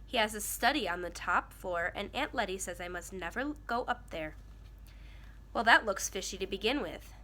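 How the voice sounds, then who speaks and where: A woman's voice: medium pitch, expressive, moderate pace, pushed and bright. A woman voicing a miserable young boy who talks in a heated, defensive way in a storybook read-aloud.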